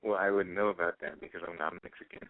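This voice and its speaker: A man's voice: deep voice, fairly even intonation, fast, no room sound. A man calling in to a radio show, answering with dry, sarcastic comebacks. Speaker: caller. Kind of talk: call-in phone talk. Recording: dry tinny phone line.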